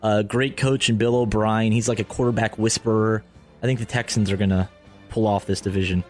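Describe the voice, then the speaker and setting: A man's voice: lowish voice, steady tone, brisk, faint music behind. A man co-hosting a casual sports radio chat, laying out his predictions in an easygoing, matter-of-fact way.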